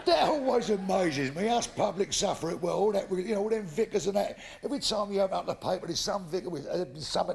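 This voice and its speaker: A man's voice: sits high, lively intonation, fairly quick, creaky, hardly any pauses, slight background noise. A man doing brash, rude stand-up comedy on stage before a live audience. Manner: brash, rude storytelling with coarse punchlines.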